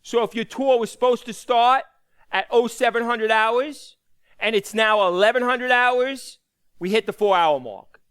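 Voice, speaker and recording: A man's voice: very high-pitched, a little slow, a bit bright, smooth. A man teaching a lecture, talking conversationally, asking the class rhetorical questions and repeating key points for emphasis. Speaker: instructor.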